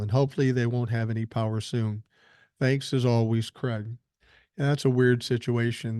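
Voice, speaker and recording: A man's voice: medium pitch, dark tone, no room sound, studio quality. An older man hosting a podcast, reading listener emails aloud and answering them bluntly with plenty of swearing, still getting over a cold. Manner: blunt, profane, opinionated. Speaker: podcast host.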